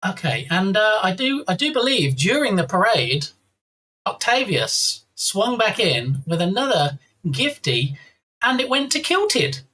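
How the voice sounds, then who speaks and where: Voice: mid-range voice, big pitch swings, a little slow, sharp tone. A live-stream host chatting casually and playfully, reading out viewer names and thanking them one by one. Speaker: livestream host.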